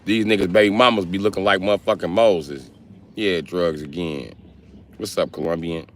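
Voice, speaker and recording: A man from the Milwaukee area doing a comedic livestream rant, profane and animated as he tells stories. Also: deep voice, moderate pace. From Milwaukee area, United States.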